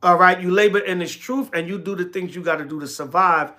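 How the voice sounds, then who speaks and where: High, bright-voiced preacher answering his chat. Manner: reads scripture slowly, then talks back to commenters in blunt, repetitive bursts. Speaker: elder teaching scripture on a livestream. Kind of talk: sermon mixed with casual replies to live chat.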